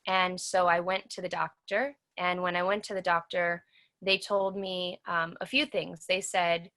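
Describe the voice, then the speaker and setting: A woman in her thirties with a bright, clear voice speaks as an interview guest. She tells her story in an earnest way. She acts out the lines other people said to her. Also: on the low side, flat delivery, measured pace.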